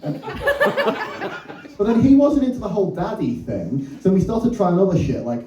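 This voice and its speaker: A man's voice: high-pitched, huge pitch swings, measured pace, pauses often, a little mellow, echoey room, far from the mic, low-quality recording. A man doing a crude, self-deprecating stand-up comedy set in a comedy club. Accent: English. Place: comedy club bar, audience laughing.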